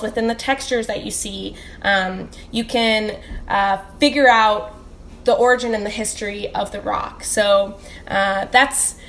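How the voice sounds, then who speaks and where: A woman's voice: mid-range voice, a bit bright. Enthusiastic young woman geologist, faint hiss. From Chicago suburbs. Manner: enthusiastic, filler-heavy explanations. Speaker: guest geologist, PhD student. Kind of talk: interview answers. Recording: faint background noise.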